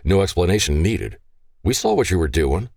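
A man's voice: low-pitched, big pitch swings, moderate pace, gravelly, darkish tone, no echo, studio quality, full character voice. A man voicing a furious, protective father who speaks in a stern, commanding growl.

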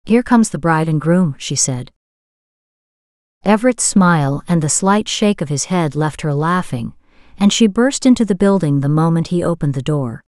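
A woman narrating a romance novel as an audiobook, in a smooth, steady storytelling manner. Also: lowish voice, no echo, clean studio sound.

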